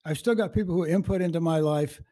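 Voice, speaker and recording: A man's voice: fairly high pitch, fast talker, dark tone. A man in his seventies, a guest in a casual interview, telling stories in a folksy, rambling way, often restarting his sentences. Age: 70s.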